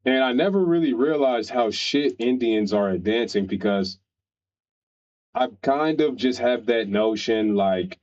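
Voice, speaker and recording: A man's voice: lowish voice, measured pace, darkish tone, lo-fi sound. A man streaming, ranting casually in a crude, opinionated way and rambling through restarts.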